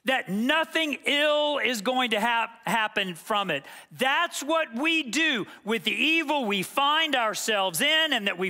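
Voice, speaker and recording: Man preaching in a church, very high lively voice, bright tone, long hall echo. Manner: animated, conversational preaching with quoted asides. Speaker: pastor. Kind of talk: sermon. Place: church sanctuary.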